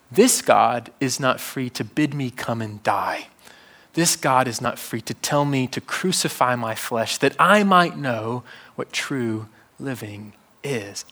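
A man preaching a sermon in a church, animated and wry, with sudden hushed drops. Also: on the high side.

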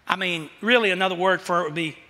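A man's voice: high-pitched, quick pace, pushed and bright, in a large hall. A man preaching a sermon as pastor, telling stories in a conversational way.

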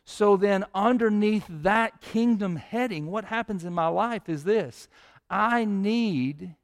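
A man preaching a sermon as pastor, his voice swelling louder and higher when he prays.

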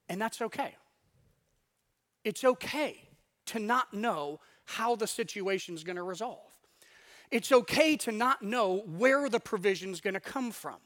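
A man preaching a sermon in a conversational way, acting out inner voices, with wide swings in loudness. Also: high-pitched, expressive, unhurried. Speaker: pastor.

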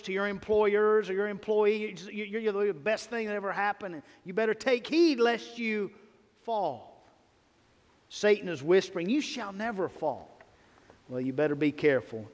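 Pastor, man, high tenor, emphatic sermon delivery, long hall reverb. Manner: emphatic preaching, rising and falling in volume. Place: church sanctuary. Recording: long reverb of a church sanctuary.

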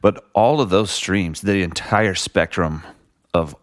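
Deep-voiced man musing on gratitude. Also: takes it slowly, dry recording, clean studio sound. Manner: reflective, rambling, many likes and you knows. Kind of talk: casual conversation.

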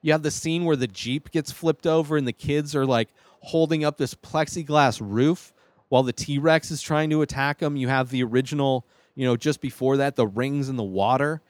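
A man's voice: medium pitch, normal speed, no room sound. A man hosting his own show, rambling enthusiastically through a casual ranking of films, with plenty of fillers and restarts. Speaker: show host. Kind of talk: casual film ranking monologue.

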